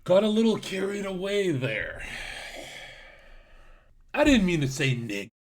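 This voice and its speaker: Male streamer, livestream rant, brash, mocking, swears, laughs at himself, somewhat high pitch. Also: big pitch swings, unhurried.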